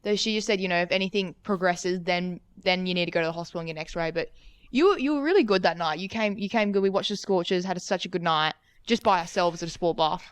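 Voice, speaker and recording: Young woman, co-host; rapid, dry-miked, chatty. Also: fairly low pitch, smooth, dry recording. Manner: chips in and corrects details. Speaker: podcast co-host. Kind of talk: casual chat.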